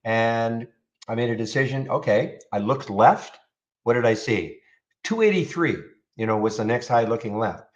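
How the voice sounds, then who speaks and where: A man's voice: mid-range voice, lively intonation, normal speed, muffled recording. A man hosting a live trading room, chatting casually over charts and answering viewers, often repeating words as he talks. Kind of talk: live stream commentary on charts.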